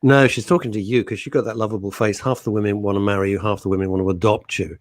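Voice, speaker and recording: A man's voice: on the low side, fairly even intonation, quick pace, no echo, clean studio sound. A man co-hosting a radio chat show, reading listener messages with jokey, teasing banter. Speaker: radio co-host.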